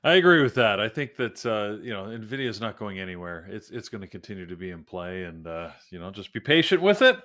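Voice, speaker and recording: A man's voice: fairly low pitch, big pitch swings, a little fast, hardly any pauses, fairly bright tone. A man hosting a live trading show, talking through stock moves in a loose, thinking-aloud way with plenty of fillers. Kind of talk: live market commentary.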